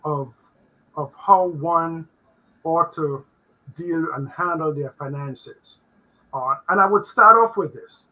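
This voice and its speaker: Older raspy-voiced man, slow and halting. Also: fairly high pitch, sharp tone, rough recording. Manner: halting, many fillers and restarts. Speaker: guest accountant. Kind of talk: faith-based finance talk on a video call. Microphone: video call.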